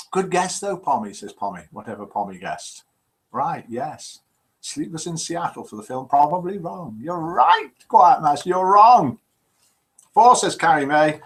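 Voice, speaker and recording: A man's voice: a little high, a bit bright. A man over fifty hosting a live call-in show, joking and reading out viewers' messages. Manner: jokey, reads out viewer messages. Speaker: host.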